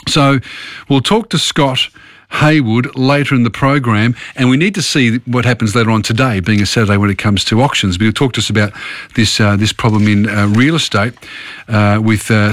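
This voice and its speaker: A man's voice: mid-range voice, a bit bright, dry recording. An easygoing man hosts a talk radio program and chats his way through announcements and asides. He is recorded on a close studio mic with a dry, dead sound. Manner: easygoing, conversational, chatty asides. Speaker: radio host.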